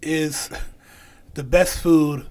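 A man's voice: on the high side, fairly even intonation, very slow, a little mellow. A man co-hosting a podcast, chatting casually, laughing often and arguing his point. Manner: laughs often, argues back. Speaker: podcast co-host. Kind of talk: casual chat.

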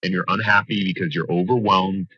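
Man, podcast guest, franchise coach; bright, forceful, emphatic, lowish voice, dry close sound. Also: fairly quick, slightly rough, dry recording, dull audio. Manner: energetic, emphatic motivational delivery. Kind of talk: podcast interview.

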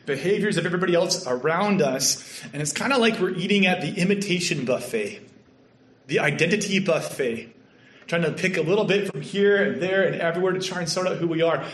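A man from Canada with a Canadian accent, preaching a sermon with earnest storytelling that sometimes drops to a soft hush. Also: high-pitched, brisk. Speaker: pastor. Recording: echoey room.

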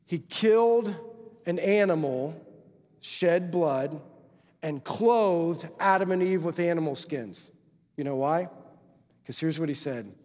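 A man's voice: a little high, slow, pauses often, darkish tone, in a large hall. A male pastor preaching a sermon in a church, talking conversationally and checking in with the congregation with constant tag questions. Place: church sanctuary.

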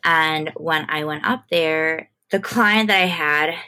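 A woman's voice: low voice, slow pace, sharp tone. A woman guest on a podcast, an entertainment manager, speaking candidly and thoughtfully with frequent restarts. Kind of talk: casual conversational interview.

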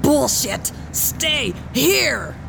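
A woman voicing a hot-tempered, injured male soldier who shouts gruffly. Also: high voice, big pitch swings, drawn-out words, a little hiss or hum, pitched above the performer's own voice, exaggerated voice. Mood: angry.

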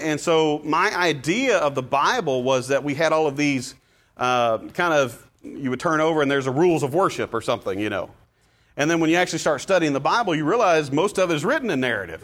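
A man's voice: fairly high pitch, a bit bright. Guy leading a bible class, easygoing, lots of uhs, asks the room questions. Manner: conversational, questions the class, frequent uh fillers.

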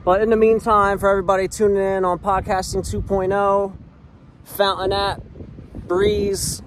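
A man from Philadelphia, a show's co-founder and producer, giving a relaxed, chatty update outdoors on a ranch beside horses. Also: sits high, moderate pace, poor audio. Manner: relaxed, chatty, talks to horses between remarks. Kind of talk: casual outdoor video update. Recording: loud outdoor wind noise on mic.

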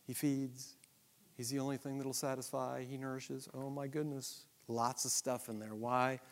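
A man preaching a Bible lesson, animated and self-deprecating, asking the audience many rhetorical questions. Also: mid-range voice, normal speed. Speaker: pastor. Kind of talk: sermon-style Bible teaching.

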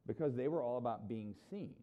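A man's voice: mid-range voice, a little fast, phone-quality sound. A middle-aged man preaching a sermon as a pastor, talking conversationally and acting out the people he quotes. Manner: conversational, animated, acts out quoted voices.

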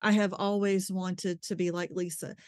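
A woman with a fairly low, darkish voice talks at a moderate pace in a level tone, openly recounting her story as an interview guest. She's quick to laugh and often lets a thought fade before starting over. Close, dry recording without echo.

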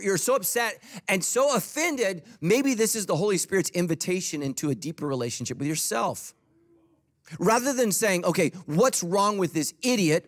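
A man's voice: sits high, a bit bright. A middle-aged man preaching a sermon as a pastor, humorous and conversational.

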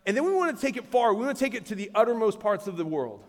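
A man preaches in a high voice, animated and conversational, breaking off for asides. His voice rings through a large church hall with a long reverb tail. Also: very fast. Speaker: pastor. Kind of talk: sermon.

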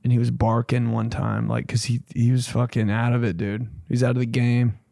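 Gravelly, profane young comedian host. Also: male voice, level tone, normal speed, warm tone, dry recording, clean studio sound. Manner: profane, rambling, acts out voices with big pitch jumps. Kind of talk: casual comedic storytelling.

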